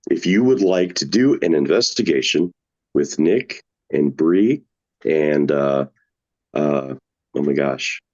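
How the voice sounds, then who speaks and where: A man with a very low voice hosts a casual paranormal podcast, cracking jokes and rambling with plenty of "uh"s. The recording sounds dull and lo-fi. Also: slow pace, a little mellow. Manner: jokey, loose, rambling with fillers. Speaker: podcast host.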